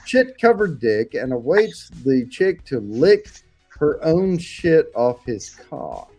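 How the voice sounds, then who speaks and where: Husky guy, animated and bouncy, reading stuff out loud in a group chat, music faint behind. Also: on the high side, slow pace.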